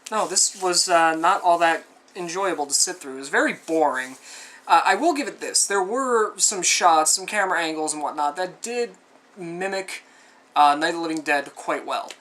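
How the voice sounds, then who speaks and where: A man's voice: fairly high pitch, animated, normal speed, a bit bright. A man giving a casual spoken film review, rambling with asides and sounding exasperated and sarcastic. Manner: rambling and conversational, with frequent asides. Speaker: movie reviewer.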